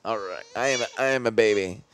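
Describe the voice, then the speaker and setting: A man's voice: on the low side, fast, a bit bright, slight background noise. A young man co-hosting a podcast in loose, rambling casual chat, full of slang and swearing. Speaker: podcast co-host.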